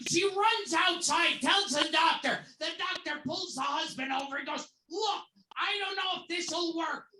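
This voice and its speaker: A man doing a comedic impression of a crude old male insult comic, shouting raunchy jokes with a shrill, strained voice. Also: heavily acted. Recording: roomy, distant mic with loud crowd and noise.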